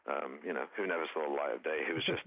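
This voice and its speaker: A comedian man chatting in an interview, halting and restarting often, with many repeated words. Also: rumbling low, dry recording. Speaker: comedian guest. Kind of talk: casual interview chat. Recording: dry tinny phone-like line.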